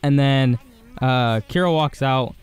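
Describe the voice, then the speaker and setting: An enthusiastic man rambles through an anime episode recap, stacking fillers as he goes. His voice sits at an ordinary middle pitch. Soft music plays faintly in the background. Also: takes it slowly, smooth. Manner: rambling and excited, heavy on fillers. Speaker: anime reviewer.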